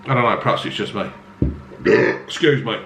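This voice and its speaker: A beer-tasting vlogger reviews a brew to camera, swearing heavily, speaking bluntly and making fun of himself. His lowish voice is creaky and fairly bright at normal speed, recorded in an echoey room with faint ambience and a touch of hiss or hum.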